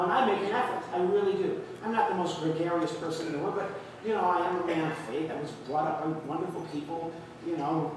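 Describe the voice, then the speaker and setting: A man's voice: fairly high pitch, noisy background. A man telling a stand-up comedy story, acting out the people he describes. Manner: storytelling with quoted voices. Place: large church hall with an audience. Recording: echoey hall recorded from far off.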